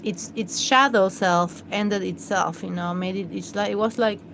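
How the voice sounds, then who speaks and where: A woman's voice: medium pitch, steady tone, normal speed, creaky, background noise. A woman hosting a live stream, chatting in a rambling, hesitant way with many fillers and restarts. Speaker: livestream host.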